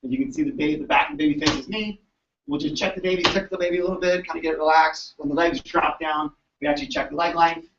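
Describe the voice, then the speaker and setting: A man telling an animated story to a live audience, acting out the voices of the people in it. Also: a little high, quick pace, background noise. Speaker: chiropractor. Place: event floor at a convention. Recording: distant mic, dull lo-fi sound.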